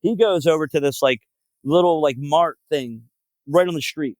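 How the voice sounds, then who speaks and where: A man's voice: on the high side, moderate pace, darkish tone, no room sound, low-quality recording. A man, a guest musician telling road stories in a casual podcast chat, profane and full of filler words. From Philadelphia area.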